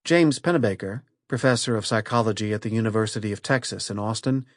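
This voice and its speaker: A man reading a nonfiction audiobook aloud in a measured, clear, scripted narration. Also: lowish voice, dry recording, clean studio sound.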